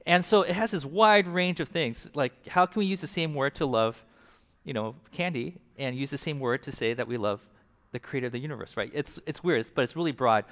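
A man's voice: mid-range voice, a little fast, fairly bright tone, in a large hall. A man preaching a casual, joking sermon, asking the congregation to repeat words after him. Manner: casual, joking, engages the audience. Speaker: pastor.

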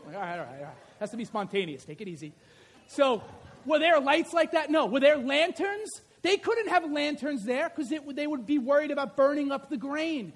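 A male preacher with a high, light voice delivers a sermon. He tells it like a story, acting out the scenes as he goes. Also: fairly quick. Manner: animated storytelling, acts out scenes.

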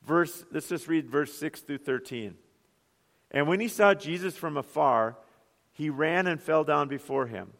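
A man's voice: a little high, unhurried, vocal fry, fairly bright tone. A man, a pastor, preaching an earnest sermon full of rhetorical questions. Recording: long hall reverb.

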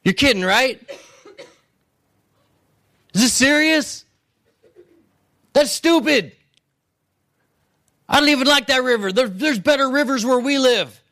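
A man's voice: high-pitched, moderate pace, pushed and bright. A man voicing a proud, indignant army commander who scoffs in disbelief while retelling a scripture story. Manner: incredulous, scoffing.

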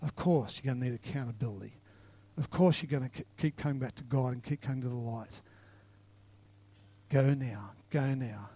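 A man's voice: medium pitch, moderate pace, breathy edge, dry recording. A male pastor preaching and praying in a church service, with an earnest, repetitive cadence that builds to fervent declarations. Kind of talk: sermon and closing prayer. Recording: loud guitar music behind. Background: guitar music.

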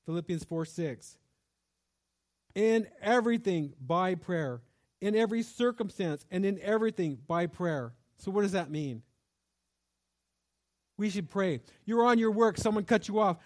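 A man's voice: sits high, animated, unhurried, long pauses. A man preaching a sermon as pastor, moving between scripture reading and impassioned prayer.

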